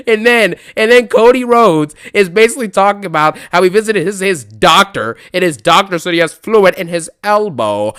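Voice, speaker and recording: High, clear-voiced man ranting and laughing. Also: moderate pace, hardly any pauses. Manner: laughing often, animated, chatty fillers. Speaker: wrestling reaction YouTuber. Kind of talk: casual unscripted rant.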